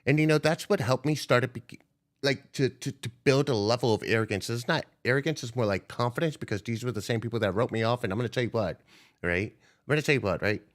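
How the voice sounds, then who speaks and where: A man's voice: medium pitch, fast. A young man ranting on a stock trading livestream, profane and confrontational as he calls out viewers. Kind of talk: unscripted livestream rant.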